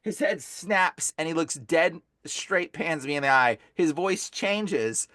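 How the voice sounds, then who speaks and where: A man with a fairly high voice tells a dramatic story as a podcast guest. He talks excitedly and casually, leaning on "like" and "bro". The sound is close and dry. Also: slow pace, no room sound. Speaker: podcast guest, deliverance minister. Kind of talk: animated storytelling.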